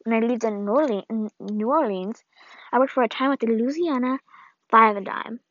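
A woman reading the farewell letter of an old, ailing grandmother in a solemn, measured way, on a dull, lo-fi recording. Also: on the high side, fairly bright tone, dry recording. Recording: dull, lo-fi dry read.

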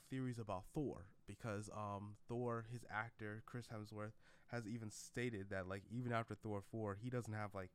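A man's voice: fairly low pitch, clear, resonant tone. A man vlogging in a casual, rambling way, with lots of fillers and restarts. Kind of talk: casual commentary vlog.

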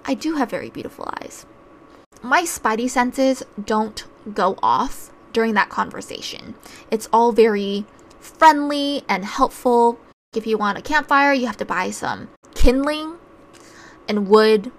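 A woman's voice: fairly high pitch, animated, a little slow. A woman telling a personal travel story in a casual, chatty way, wry and full of filler words.

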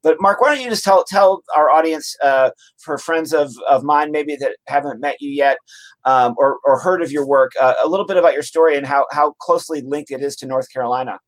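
A man's voice: on the high side, fairly quick. A man hosting an interview, introducing his guest and the topic with hesitant speech full of fillers and restarts. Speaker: podcast host.

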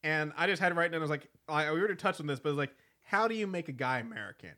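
Podcast co-host: man, bright and a touch high, rambling through a movie recap. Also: expressive, rapid-fire. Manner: rambling, laughs often, quotes film lines. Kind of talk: casual chat reviewing a movie.

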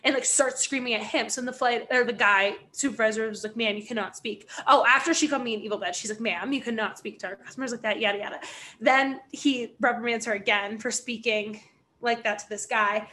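Young woman, fairly high and bright, chatty storyteller who acts out her quotes. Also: fairly quick, a little hiss or hum. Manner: animated storytelling with voiced quotes, frequent "like" and swearing. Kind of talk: casual chat.

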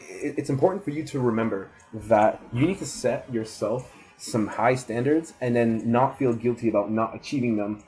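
A man's voice: mid-range voice, mellow, rough recording. A man in his twenties giving a rambling, casual motivational talk to a listener, swearing freely and repeating himself for emphasis. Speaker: student giving advice.

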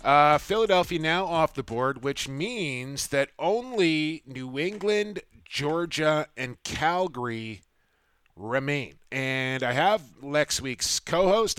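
A man's voice: fairly high pitch, fairly bright tone, clean tone, dry recording. A middle-aged man hosting a sports podcast, with upbeat, punchy segment intros and casual banter. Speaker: podcast host.

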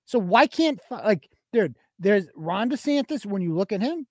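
A man's voice: high voice, big pitch swings, moderate pace, no room sound, studio quality. A man hosting a live show, delivering a heated, profanity-laced political rant and restarting his sentences as he goes. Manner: heated, swearing constantly, restarts mid-sentence.

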